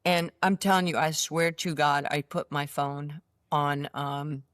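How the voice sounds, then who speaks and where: Casting: older woman, low voice, animated storyteller who plays out quoted dialogue, dry close sound. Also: measured pace, no echo. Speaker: interview guest, basketball coach. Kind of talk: storytelling interview.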